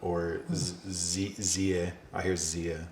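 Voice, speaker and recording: A man's voice: sits low, little pitch movement, slow, a crowd in the background. A man co-hosting a comedy podcast, teasing his partner in a dry, casual way. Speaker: podcast co-host. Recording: noisy with clicks.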